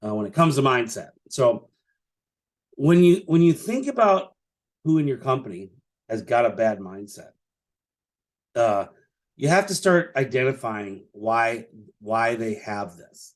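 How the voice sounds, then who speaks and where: A man's voice: mid-range voice, expressive, measured pace, long pauses. Male podcast host, casual solo monologue, rambling delivery full of fillers, mid-range voice. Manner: rambling, many "you know" fillers and restarts; chuckles while telling stories. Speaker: podcast host, business owner.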